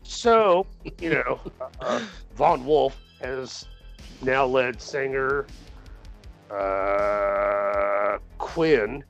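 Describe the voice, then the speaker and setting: A man's voice: mid-range voice, very slow, creaky, a bit bright, faint music behind, rough recording. A man co-hosting a podcast, casually reviewing a movie in a rambling, profane way, laughing often and acting out the characters. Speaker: podcast co-host.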